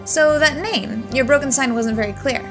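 A woman voicing a dry-witted woman detective in a game, with deadpan, sarcastic lines. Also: sits high, normal speed, music in the background.

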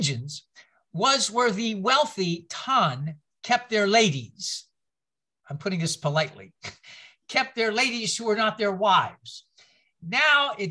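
A man's voice: high voice, sharp tone. An older man giving a conversational Bible-class lecture. He tells rambling stories with self-mocking humor, and he often repeats words and restarts his sentences.

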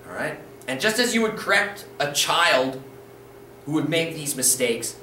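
A man teaches a video language lesson in a patient, encouraging way, checking in often as he repeats the rules. His voice sits a little high. He sounds set back from the mic in an echoey room with a faint hiss behind him. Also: bright, forceful tone, recorded from a distance. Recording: roomy echo, voice a bit off-mic, faint room noise.

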